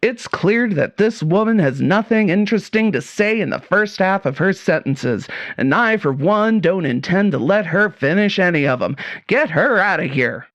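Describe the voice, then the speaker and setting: A woman voicing a blustering middle-aged male army colonel who speaks slowly and pompously. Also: fairly low pitch, lively intonation, dry recording, pitched above the performer's own voice, lightly acted. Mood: commanding. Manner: slow, commanding.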